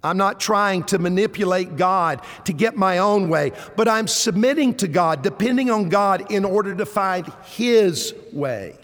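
High-voiced preaching man in a reverberant hall. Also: fairly bright tone. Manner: preaching with rising emphatic bursts and rhetorical questions. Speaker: pastor. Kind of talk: sermon.

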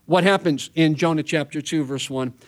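A man preaching a sermon as pastor, reading scripture quickly and then explaining it with earnest emphasis. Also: fairly high pitch.

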